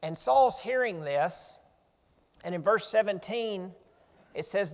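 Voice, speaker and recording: A man's voice: sits high, expressive, slow pace, pauses often. A man preaching a sermon. He reads scripture and retells it earnestly in plain modern words. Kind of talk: sermon with Bible reading. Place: church sanctuary. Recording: reverberant church sanctuary.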